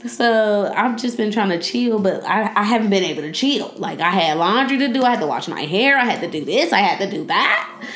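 A young woman hosting a podcast in a casual, joking chat style, loud and animated. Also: medium pitch, fairly quick. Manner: loud, joking and animated, talks back to the screen. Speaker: podcast host. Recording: echoey room.

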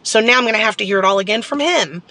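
A woman's voice: on the high side, rapid-fire, pushed and bright. A woman telling a personal story in a casual, candid vlog, rambling and venting with lots of fillers. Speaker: vlogger.

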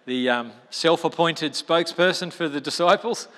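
A man giving a chatty, animated sermon, acting out the people in the story. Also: fairly high pitch, moderate pace. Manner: animated, acts out quotes with slang like mate. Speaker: preacher. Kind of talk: conversational sermon. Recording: long hall reverb.

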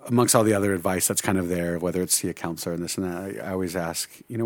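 A man's voice: deep voice, fairly even intonation, racing, few pauses, dry recording. A middle-aged man, a Bible teacher, talking earnestly in casual conversation and rambling with many restarts.

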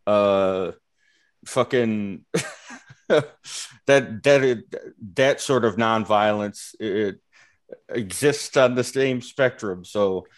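A man in casual chat, talking haltingly with many fillers and casual swearing. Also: lowish voice.

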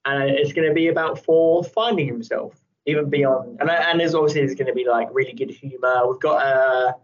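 A man's voice: mid-range voice, normal speed, lo-fi sound. A man chatting casually as a podcast co-host, rambling with many fillers, laughing often and swearing freely. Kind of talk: casual chat.

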